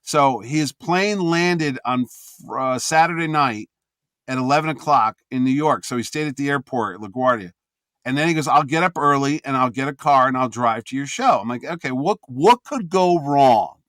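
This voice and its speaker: A man's voice: medium pitch, moderate pace, no room sound, studio quality. A man from Connecticut who runs a comic convention, telling stories in a casual podcast chat and acting out the phone calls in them. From Connecticut, USA. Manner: animated storyteller, acts out phone calls.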